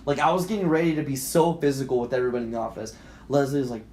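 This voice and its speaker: A man's voice: mid-range voice, rapid-fire, a little mellow. A man co-hosting a podcast, telling a heated story in a casual, profane and rambling way. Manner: rambling, with frequent restarts. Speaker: podcast co-host.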